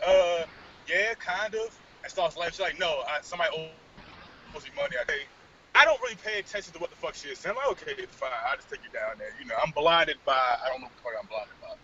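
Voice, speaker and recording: Man, podcast co-host, casual storytelling, profane, bouncy lively pitch, somewhat high voice. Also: slight background noise. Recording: dull lo-fi podcast recording.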